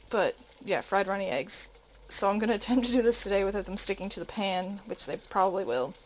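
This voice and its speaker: A woman's voice: mid-range voice, a little hiss or hum, poor audio. Casual home-cook woman, rambling and self-mocking, handheld camera in a home kitchen, faint sizzle behind. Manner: chatty, self-deprecating, rambling asides. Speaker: home cooking vlogger. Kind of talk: casual cooking vlog narration.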